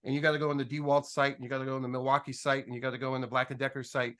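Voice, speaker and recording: A man's voice: mid-range voice, rapid-fire. A man telling a business story on a panel in a casual, joking way, acting out both sides of conversations, with frequent restarts. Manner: animated, joking, acts out dialogue with restarts.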